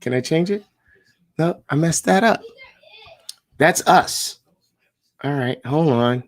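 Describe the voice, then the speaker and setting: A man who is a sales director, hosting a live coaching stream in an energetic, slangy way and calling out viewers by name. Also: takes it slowly, dry recording. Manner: hyped and slangy, shouting out viewers by name, jumping to high excited pitch. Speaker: sales director leading a live call session.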